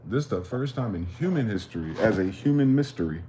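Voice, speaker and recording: Low-voiced man musing in street slang. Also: expressive, brisk, mellow, slight background noise. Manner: profane, questioning, street slang. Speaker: livestream host. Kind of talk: rambling philosophical monologue.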